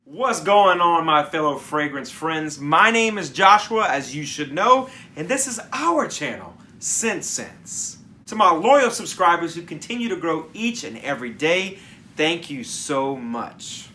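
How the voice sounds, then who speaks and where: A man in a casual vlog, speaking to his viewers with a bright, forward tone and a slightly high-set voice. His talk is enthusiastic and rambling, off the cuff rather than rehearsed. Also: sing-song, measured pace, slight background noise. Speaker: fragrance reviewer and channel host.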